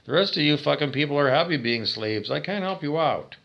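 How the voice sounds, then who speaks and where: Man vlogger, intense profane rant, gravelly bright voice, self-answered questions. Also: fairly high pitch, lively intonation, brisk, highs cut off. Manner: ranting, asks and answers his own questions, profane. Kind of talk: direct-to-camera monologue.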